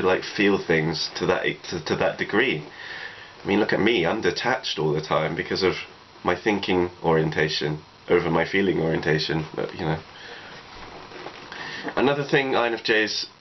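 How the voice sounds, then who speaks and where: A man, talking through personal advice in a reflective, rambling way, leaning on "you know" a lot. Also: low-pitched. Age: 20s. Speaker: vlogger. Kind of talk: casual advice monologue. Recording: dull lo-fi recording with faint noise.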